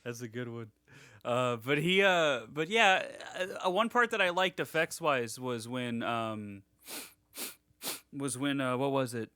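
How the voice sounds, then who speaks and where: Podcast co-host, young man, rambling and profane, bright forceful voice, dry close sound. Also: mid-range voice, animated, measured pace, smooth, no room sound. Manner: rambling, swears a lot, many restarts. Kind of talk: casual chat.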